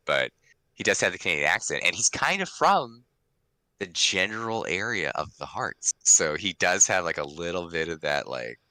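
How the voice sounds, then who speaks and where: A man's voice: sits low, bright, forceful tone, no echo, low-quality recording. A man from Washington, D.C. co-hosting a casual podcast, telling stories with lots of fillers. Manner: chatty storyteller, many fillers. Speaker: podcast co-host.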